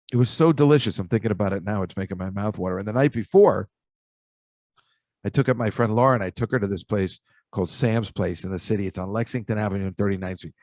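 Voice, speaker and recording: A man's voice: fairly low pitch, dry recording. Chatty man rambling in a dry room. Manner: rambling, chatty, jokey asides. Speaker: podcast host. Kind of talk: casual storytelling monologue.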